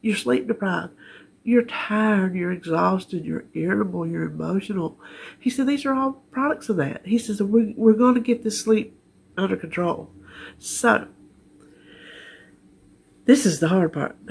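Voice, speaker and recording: Husky, gravelly southern woman vlogging. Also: low-pitched. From North Carolina, US. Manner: rambling, homespun, laughs easily. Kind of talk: casual chatty health update. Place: living room at home, sitting in her chair.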